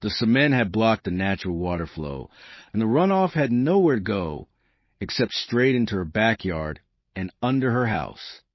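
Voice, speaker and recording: A man's voice: on the low side, very animated, normal speed, no echo, highs cut off. A man giving dramatic, emphatic first-person story narration, as if reading a script.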